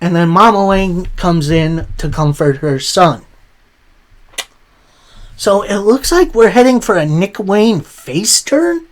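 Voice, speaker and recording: A man hosting a casual wrestling recap. He speaks at an unhurried pace and retells the show's promos in his own words. He reacts openly with surprise. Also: high voice, animated. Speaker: wrestling show recap host.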